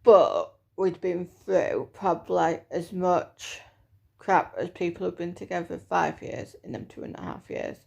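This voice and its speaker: A woman's voice: lowish voice, measured pace, creaky, darkish tone. A woman in her thirties giving a chatty, hesitant personal vlog update with lots of fillers. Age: 30s. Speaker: vlogger.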